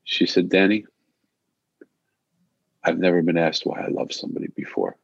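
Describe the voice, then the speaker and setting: An older man telling a personal story in a soft-spoken, reflective way, slowing down on key phrases. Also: low-pitched, big pitch swings, vocal fry, husky, dry recording, lo-fi sound.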